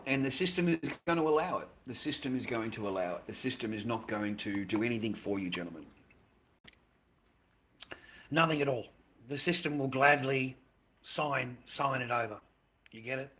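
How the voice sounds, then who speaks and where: A man's voice: medium pitch, moderate pace, pauses often, a bit bright, slight background noise. An Australian man livestreaming, rambling in casual chat, swearing constantly and ending his lines with "mate".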